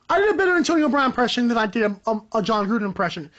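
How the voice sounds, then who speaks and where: A young man hosting a solo sports podcast, ranting in a rambling, animated, joking way. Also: racing, few pauses, dull audio. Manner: animated, rambling, joking, pitch jumps up for emphasis. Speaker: podcast host.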